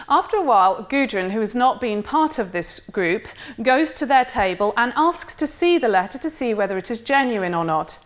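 A woman giving a literature lecture in a measured, wry way, reading quoted passages aloud. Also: on the high side, animated.

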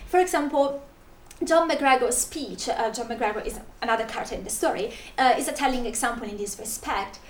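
A woman's voice: fairly high pitch, a little fast. Woman w/ russian accent reading her conference paper, lots of restarts, roomy echo, faint hiss. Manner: reads a prepared paper with frequent restarts and fillers. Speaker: conference presenter. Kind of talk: academic paper presentation.

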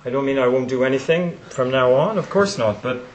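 Older man, conference closing address, reflective tone, mid-pitched voice, echoey room. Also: a little hiss or hum. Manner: reflective, recites poetry with slow emphasis. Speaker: honoree giving closing remarks. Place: lecture room. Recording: roomy hall echo.

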